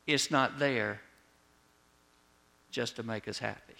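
A man preaching a sermon as a pastor, telling a personal story with lively retold dialogue and words that drop soft at the ends of lines. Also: mid-range voice, slow, vocal fry. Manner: storytelling, animated when retelling, drops soft on closing words.

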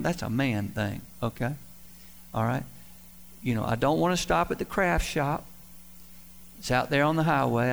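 A middle-aged man preaching a sermon, telling folksy, self-deprecating stories with emphatic swings in loudness. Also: medium pitch, creaky. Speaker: pastor. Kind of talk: sermon with storytelling.

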